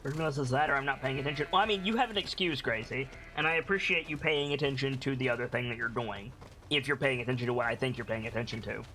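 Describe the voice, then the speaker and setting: Bright-voiced, sneezy male streamer. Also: medium pitch, fast talker. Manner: sneezing, yawning, swearing casually. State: sneezy and tired. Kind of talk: casual gameplay commentary. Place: home room.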